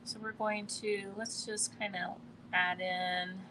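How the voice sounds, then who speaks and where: Woman painting live and talking thru it, slow and low, bit of a faint hiss behind her. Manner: relaxed, thinking aloud while painting, often trails off. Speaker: art instructor. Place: quiet indoor studio in a building.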